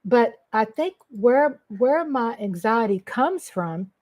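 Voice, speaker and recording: A middle-aged woman from Texas with a Texan accent, hosting a casual livestream and gushing shout-outs to her viewers. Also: a little high, expressive, takes it slowly. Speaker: livestream host.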